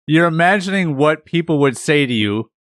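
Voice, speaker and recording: A man's voice: fairly high pitch, expressive, normal speed, a bit bright, no echo, clean studio sound. A man co-hosting a podcast in casual chat, arguing playfully and teasing his co-host.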